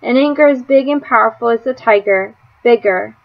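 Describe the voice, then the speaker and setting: A woman reading a children's novel aloud in a measured, expressive way. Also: on the high side, creaky, lo-fi sound. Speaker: audiobook reader. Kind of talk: storybook narration.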